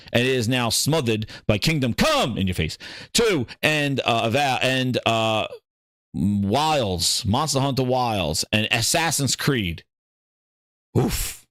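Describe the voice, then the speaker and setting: Animated man ranting about games. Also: medium pitch, no echo, clean studio sound. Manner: ranting, animated, repeats himself. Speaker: podcast host. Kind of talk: casual gaming commentary.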